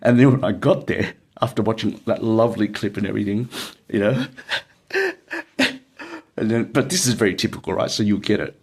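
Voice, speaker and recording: Husky-voiced Australian man rambling through an anecdote. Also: on the low side, big pitch swings, normal speed. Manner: rambling, many fillers and laughs. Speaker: storyteller. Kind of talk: casual anecdote telling.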